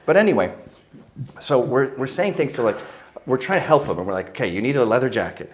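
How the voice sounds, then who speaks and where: A man's voice: medium pitch, fast talker. A man from Canada, a guest telling crude, comic anecdotes and slipping into voices for the people in his stories. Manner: animated, mimics voices in anecdotes.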